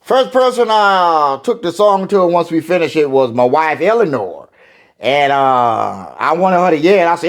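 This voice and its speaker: A man's voice: fairly high pitch, expressive, moderate pace. An older man, a singer talking in an interview in a rambling, folksy way with many fillers and restarts.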